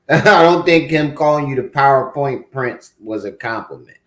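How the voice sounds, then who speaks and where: A man's voice: medium pitch, unhurried, roomy sound, noisy background. A man hosting a reaction commentary, mocking and talking back at the clips he plays. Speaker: commentary host.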